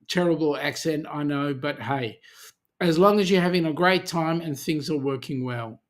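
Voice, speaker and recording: A man's voice: a little high, normal speed. Chatty Australian man hosting a livestream. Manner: chatty, reads viewer comments aloud and answers them. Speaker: charity channel host. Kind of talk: casual livestream chat.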